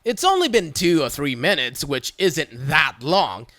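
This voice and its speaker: A narrator reading an online story aloud with lively storytelling. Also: mid-range voice, a little slow, dry recording. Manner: lively storytelling with acted voices.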